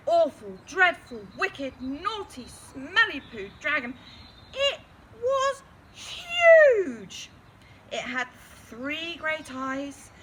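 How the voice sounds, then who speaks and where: A woman reading a children's story aloud in a lively, expressive way. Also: high voice, a little hiss or hum.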